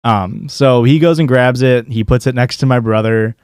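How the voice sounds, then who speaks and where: A man's voice: mid-range voice, moderate pace, a little mellow, smooth, no echo, studio quality. A male streamer telling a long story in a casual, rambling way, with plenty of swearing and filler words. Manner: rambling, profane, lots of likes and restarts.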